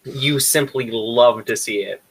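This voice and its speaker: A man's voice: medium pitch, a little slow, husky. A man chatting casually as a player in a tabletop game, joking and playing along.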